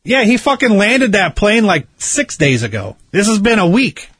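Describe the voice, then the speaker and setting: A man's voice: high-pitched, sing-song, normal speed, fairly bright tone, husky, no room sound, studio quality. A man in casual chat, rambling through a conspiracy story with heavy swearing and insisting he is right. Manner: insistent, argumentative.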